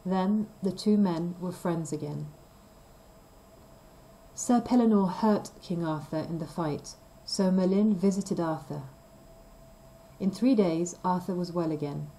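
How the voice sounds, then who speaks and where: A woman reading a simple story aloud for language learners, slow and clear. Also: lowish voice, mellow, slight background noise, low-quality recording. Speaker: reader of a graded story. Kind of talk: scripted storybook narration for learners.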